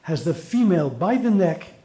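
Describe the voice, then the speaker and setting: Middle-aged male stand-up comic, animated storyteller, a bit high, roomy live sound. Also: normal speed. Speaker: stand-up comedian. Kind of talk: stand-up joke telling. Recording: roomy echo.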